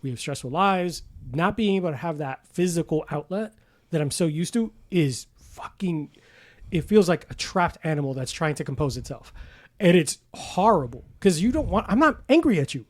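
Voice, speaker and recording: A man's voice: fairly high pitch, expressive, normal speed, a little mellow. A middle-aged man, a weightlifter guest on a podcast, telling stories animatedly, swearing and laughing often. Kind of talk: casual podcast chat.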